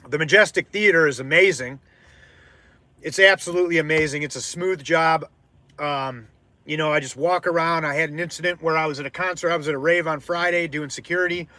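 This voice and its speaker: A man hosting a casual live stream as an artist, rambling with lots of fillers and restarts, loud by his own account. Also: fairly high pitch, steady tone, normal speed, no room sound. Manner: loud-mouthed, self-described.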